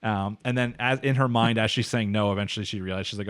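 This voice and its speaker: A man's voice: fairly low pitch, steady tone, fast talker, a bit bright, smooth. A man co-hosting a casual anime podcast, retelling an episode in a rambling way, full of fillers and quoted lines. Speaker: podcast co-host. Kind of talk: casual anime recap chat.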